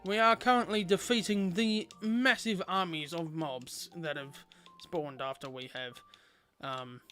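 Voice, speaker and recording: A man's voice: a little high, fairly even intonation, unhurried, bright, forceful tone, soft background music. A young man chatting playfully with viewers while streaming a game. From Australia. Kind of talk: casual gameplay livestream chat.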